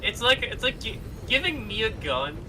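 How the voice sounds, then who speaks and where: A man's voice: sits high, normal speed, background noise. A young man streaming a video game, chatting casually with a friend, laughing a lot and swearing freely. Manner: giggly, excitable, swears freely. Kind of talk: casual gaming stream chat.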